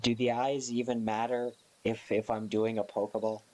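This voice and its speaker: A man chatting casually on a live stream, sleepy and yawning, rambling slowly in a playful, offhand way. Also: lowish voice, flat delivery, mellow.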